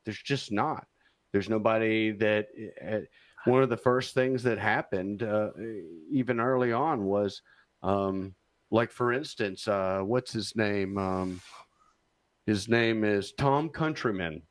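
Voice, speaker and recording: Man, casual podcast talk, hesitant, stumbles over words, lowish voice. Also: slow, no echo. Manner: hesitant, repeats words as he searches for them. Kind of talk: casual political discussion.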